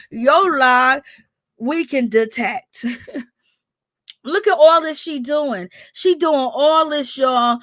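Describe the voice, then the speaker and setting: Woman, high voice, gossipy reality-show recap, dry close mic. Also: dry recording. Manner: animated, gossipy, acts out quotes in shrill crying voices. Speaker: reality TV commentator. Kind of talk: casual recap commentary.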